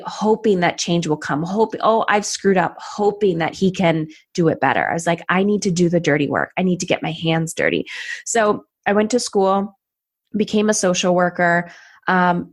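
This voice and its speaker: A woman in her thirties, a podcast guest telling her personal story in conversation and acting out what she and others said. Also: on the low side. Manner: animated, acts out her past self and others in quoted asides.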